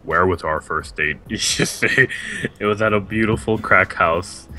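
A man doing a deep, gruff, crude girlfriend. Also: measured pace, faint music behind, full character voice. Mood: deadpan crude. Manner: deadpan, crude, slips into a country twang. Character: crude foul-mouthed girlfriend played by a man. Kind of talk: improvised comedy skit.

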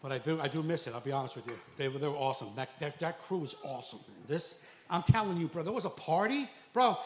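A man doing a stand-up comedy set, animated and acting out characters with sudden loud outbursts. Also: on the high side. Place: comedy club. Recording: echoey club with faint ambience.

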